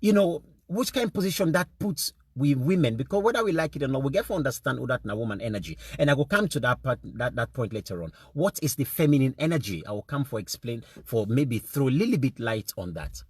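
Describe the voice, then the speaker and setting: A man's voice: medium pitch, expressive, quick pace, few pauses, breathy edge, no echo, clean studio sound. A man with a Sierra Leonean accent giving an indignant, impassioned monologue, mixing English with Krio phrasing and repeating words for emphasis. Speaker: speaker addressing fellow men.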